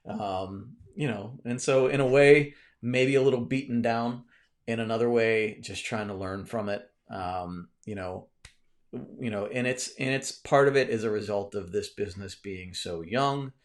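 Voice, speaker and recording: A man's voice: lowish voice, measured pace. A man, hosting a casual live stream from a cluttered home room, rambling with many restarts while he answers viewer comments.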